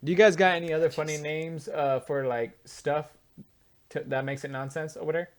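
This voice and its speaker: A man co-hosting a comedy podcast, egging on his guest in loose slang and throwing "bro" everywhere. His voice is a touch higher than the average man's, casual and chatty. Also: steady tone, moderate pace. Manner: slangy, eggs guest on, says "bro" a lot. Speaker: podcast co-host.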